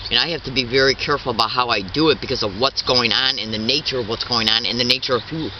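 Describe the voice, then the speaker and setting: A middle-aged man in his fifties speaks out as an activist, indignant and insistent, stumbling over restarts and repeating himself. He sits at an ordinary pitch and is picked up from some distance on a dull, muffled recording. Faint traffic sounds run underneath. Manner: halting, repetitive, restarts often. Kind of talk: impassioned spoken statement.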